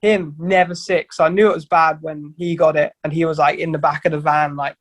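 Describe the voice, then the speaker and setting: A young man talking in a raised, somewhat high register, rambling through stories with plenty of restarts and swearing. The recording is very dry and close, with no room sound at all. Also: little pitch movement, fairly quick, no room sound. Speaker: band vocalist guest. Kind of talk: casual podcast chat.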